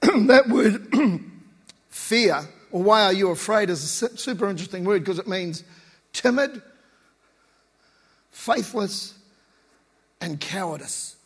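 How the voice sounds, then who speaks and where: Long reverb from a big hall surrounds this casual sermon, delivered by a man whose voice is high and a bit husky. His talk is conversational and slangy, animated, at a measured pace with frequent pauses.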